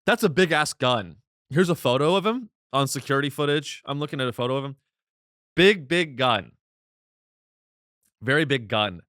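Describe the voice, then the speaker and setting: A man's voice: mid-range voice, lively intonation, normal speed, pauses often, fairly bright tone, dry recording, clean studio sound. A man hosting a comedy show, delivering a rambling, sardonic monologue reacting to the news. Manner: rambling, sardonic, restarts mid-sentence.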